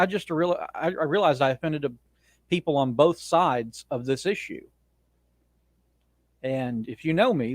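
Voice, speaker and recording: A man's voice: fairly high pitch, no room sound. A man hosting his own podcast, ranting in a blunt, opinionated way with frequent restarts. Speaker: podcast host. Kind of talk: casual monologue rant.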